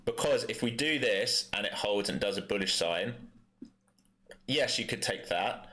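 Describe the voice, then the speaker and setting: London-accented man, day trader live stream, lowish voice, bright forceful tone, blunt casual asides. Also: animated, a little slow, a little hiss or hum. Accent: London English. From East London, England. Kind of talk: live trading commentary with chat replies.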